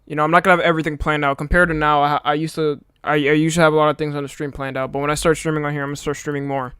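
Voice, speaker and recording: Laid-back young male streamer, clear dry voice. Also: on the high side, little pitch movement, racing, a bit bright, no echo. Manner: laid-back, swears freely, rattles off viewer greetings. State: a little tired. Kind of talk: casual live-stream chat.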